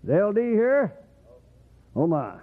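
A man preaching a rambling, folksy sermon, often swooping up into excited whoops. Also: high-pitched, slow pace. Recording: tinny phone-like radio broadcast.

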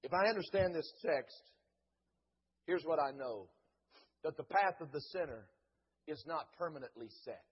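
A man preaching a Pentecostal sermon in a church, chanting and shouting his lines with rhythmic "uh" breaks. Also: fairly high pitch, animated, normal speed, pauses often, slightly rough, highs cut off. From Dayton, Ohio.

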